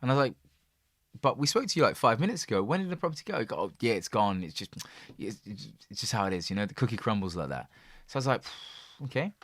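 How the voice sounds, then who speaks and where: A man co-hosting a podcast, telling stories in a lively casual way and laughing often. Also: on the low side, quick pace, dry recording. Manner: animated storyteller, laughs often. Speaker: podcast co-host. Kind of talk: casual chat.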